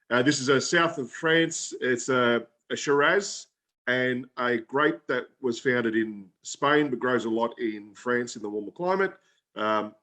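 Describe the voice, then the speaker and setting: A man's voice: medium pitch, pushed and bright. A man co-hosting a casual podcast, rambling and self-mocking. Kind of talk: casual chat.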